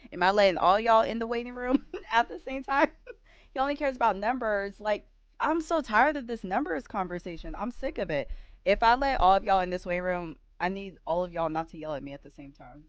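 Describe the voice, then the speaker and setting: A woman host ranting in a casual reaction stream, firing off rhetorical questions and rising to animated outbursts. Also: mid-range voice, clear, resonant tone, no room sound, dull audio.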